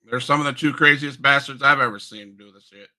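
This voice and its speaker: A man hosting a wrestling podcast, relaxed as he passes on questions from the chat. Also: mid-range voice, brisk. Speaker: podcast host. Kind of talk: interview questions.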